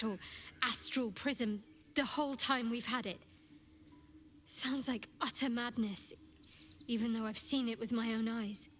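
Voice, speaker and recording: Guarded ex-cleric in a game, cool and measured, higher voice, faint hiss. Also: female voice, fairly bright tone. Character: former cleric woman, guarded and resolute.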